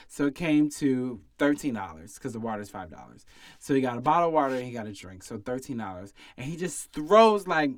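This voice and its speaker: A man's voice: a little high, no room sound, clean studio sound. A young man casually telling a story about his bartending job, acting out other people's lines. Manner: animated storytelling, acts out other people's quotes.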